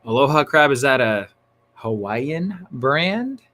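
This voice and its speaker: A chatty man hosting a laid-back livestream, talking at an ordinary middle pitch. He gets excited fast and leans on slang like "dude" and "bro". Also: a little hiss or hum. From Northern California. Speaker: livestream host. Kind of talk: casual livestream chat.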